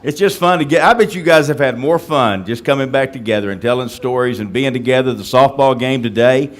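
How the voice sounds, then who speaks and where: A man's voice: medium pitch, brisk. Joking man hosting a panel. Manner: joking, teasing questions. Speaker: host. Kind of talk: moderating a panel.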